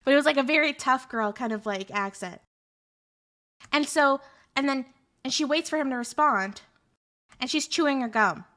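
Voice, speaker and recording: A woman streamer telling a story in a casual, animated, rambling way with lots of fillers. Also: high-pitched, normal speed, long pauses.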